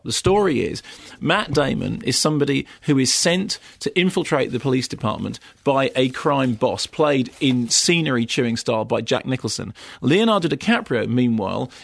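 A man's voice: mid-range voice, vocal fry, no echo, studio quality. A man delivering a wry, opinionated film review in a casual radio chat. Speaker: film critic.

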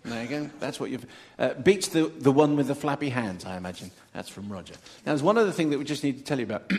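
A man's voice: medium pitch, big pitch swings, fast talker, creaky, few pauses, husky. A man presenting a radio show on a stage in front of a live audience, chatting and reading out listener emails with theatrical emphasis. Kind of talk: lively live radio chat before an audience.

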